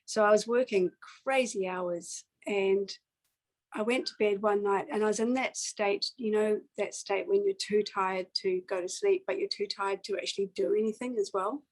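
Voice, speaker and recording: Woman guest, storyteller, even level delivery, earnest and reflective with pauses. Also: medium pitch, poor audio. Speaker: singer-songwriter guest. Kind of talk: personal storytelling in a conversation.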